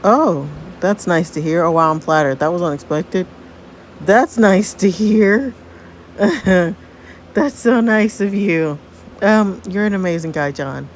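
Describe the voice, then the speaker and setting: A woman voicing a polite, heartbroken teenage girl who speaks with quiet resignation. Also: fairly low pitch, slow pace, slight background noise.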